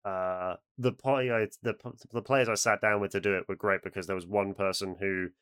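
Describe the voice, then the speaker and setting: A man's voice: on the low side, steady tone, a little fast, a bit bright, clean tone, no room sound, studio quality. A man co-hosting a casual podcast, eagerly rambling through stories from games he ran as game master. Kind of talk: casual chat.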